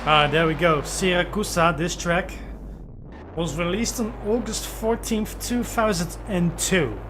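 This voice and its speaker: A man's voice: sits high, measured pace, background noise. A man who is not a native English speaker, giving casual live-stream commentary on his racing, hesitant, with many fillers and restarts. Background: loud music and car engine sounds.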